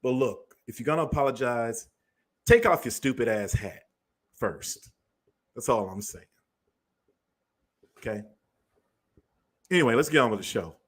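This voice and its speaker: A man's voice: mid-range voice, lively intonation, a little slow, pauses often. A man hosting a show, delivering a blunt, profane commentary monologue. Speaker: show host.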